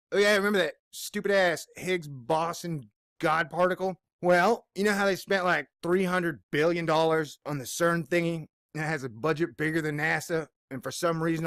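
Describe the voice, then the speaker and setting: American guy ranting, cussing and mocking, high pitched, bone dry recording. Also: fairly bright tone, no echo. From United States. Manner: profane, sarcastic, mocking voices. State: in pain, bad mood. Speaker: video blogger. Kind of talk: angry editorial rant.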